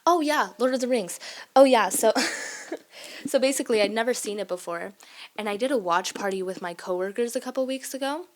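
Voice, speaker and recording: A woman's voice: on the high side, fairly quick. Rambling, emphatic young woman vlogger. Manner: rambling and easily sidetracked; emphatic, laughs often. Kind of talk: casual rant monologue.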